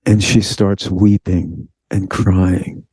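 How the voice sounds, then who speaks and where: A man telling a personal story in an interview, animated, acting out the voices of the people in it. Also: low voice, slow pace, breathy edge, dry recording. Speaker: guest.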